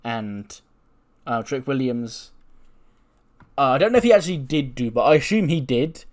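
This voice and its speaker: A man's voice: mid-range voice, big pitch swings, moderate pace, darkish tone. A man casually narrating a wrestling simulation playthrough, chatty with lots of fillers. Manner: chatty, filler-heavy, laughs at own jokes. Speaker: video game narrator.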